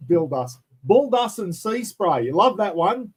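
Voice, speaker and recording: An older Australian man streams live from home, his high voice very animated yet unhurried, with a breathy edge. He chats loosely and greets viewers by name, and the built-in computer mic makes the audio poor.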